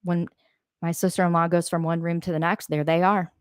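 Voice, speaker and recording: A woman's voice: lowish voice, little pitch movement, brisk, clean tone, dry recording, studio quality. A middle-aged woman, casually chatting and reading viewer comments, blunt and swearing freely. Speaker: livestream host.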